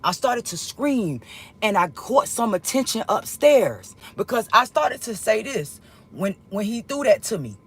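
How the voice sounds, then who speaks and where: A woman telling a personal story in a casual monologue, emotional and profane, rambling and swinging between loud outbursts and hushed asides. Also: medium pitch, very animated, a little slow, husky. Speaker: storyteller vlogger.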